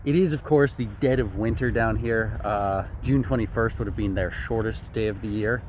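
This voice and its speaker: A man's voice: on the low side, normal speed, a little mellow, dull audio, slight background noise. A man casually narrating a travel vlog outdoors, easygoing and chatty, laughing often. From Canada. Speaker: outdoor vlogger.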